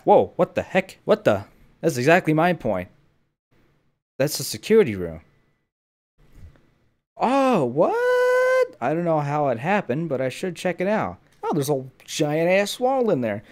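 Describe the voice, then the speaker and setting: With a fairly high, darkish voice that swings hugely in pitch at a normal speed, a young man hosts a gaming channel. He talks to himself in jokey running commentary as he plays, recorded through headphones with a mic.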